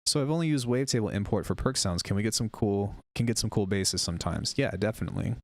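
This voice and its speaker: A male music producer on a casual live stream, chatting with viewers while demoing software, rambling and unsure of himself. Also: fairly low pitch, fast talker, dry recording.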